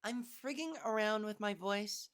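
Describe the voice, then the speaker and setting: A woman talking alone on her podcast in a loose, wandering way, her voice hoarse and sitting mid-range. She swears freely, coughs and clears her throat, and keeps toying with how high or low she pitches her words. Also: normal speed. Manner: rambling, profane, playfully toying with her pitch. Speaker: comedian podcast host. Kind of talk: casual solo podcast monologue.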